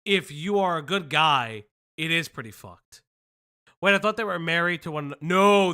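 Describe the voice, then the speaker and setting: Stream host, crude and joking, bright edgy voice, mid pitch. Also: a little slow, clear, resonant tone. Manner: crude, joking, loud outbursts. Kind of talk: casual reaction commentary.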